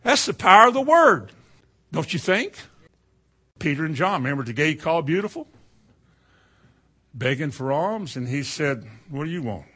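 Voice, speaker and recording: A middle-aged preacher man, his tone bright and forceful. His pitch sits a little high. He tells his sermon like folksy stories, sinking to a hush and then rising to loud cries. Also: very animated, moderate pace, long pauses, slightly rough. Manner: folksy storytelling, swings from quiet to loud.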